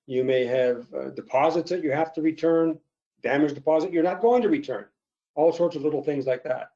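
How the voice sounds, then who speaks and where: Male presenter, steady explanatory webinar demo; warm, muffled audio. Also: on the high side, brisk. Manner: explanatory, steady walkthrough with fillers.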